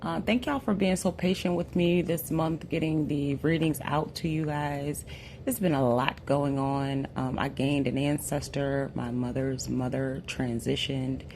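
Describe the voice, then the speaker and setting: A tarot reader from the United States, hoarse after losing their voice, gives a casual, chatty reading that fills pauses with "um" and often says "you guys" and "y'all". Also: medium pitch, steady tone, a little mellow, slight background noise. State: hoarse, recovering from a lost voice.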